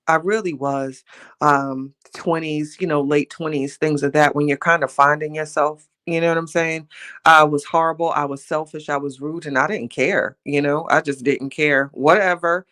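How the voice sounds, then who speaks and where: A woman in her forties talks through a casual live stream in a reflective, conversational way. She keeps checking in with her listeners, leaning on little asides like "you know what I'm saying", and greets viewers warmly by name between thoughts. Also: deep voice, steady tone, moderate pace.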